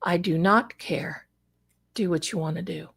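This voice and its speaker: On a live stream, a middle-aged psychic guest relates a personal story, acting out the quoted voices with emotion. She speaks unhurriedly in a low-ish, husky voice with vocal fry and a fairly bright tone.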